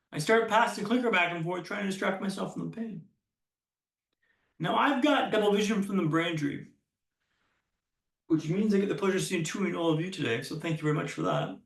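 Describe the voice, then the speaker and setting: A man giving a keynote speech as a storyteller, with punchy lines, dramatic pauses and self-deprecating humor. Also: sits high, creaky, roomy sound, recorded from a distance. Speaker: keynote speaker. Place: conference hall stage.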